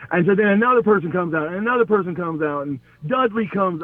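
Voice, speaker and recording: A man's voice: sits high, quick pace, dry recording. A middle-aged man and former pro wrestler, telling stories in a casual interview and acting out other people's lines as he goes, with frequent laughs. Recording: tinny phone line.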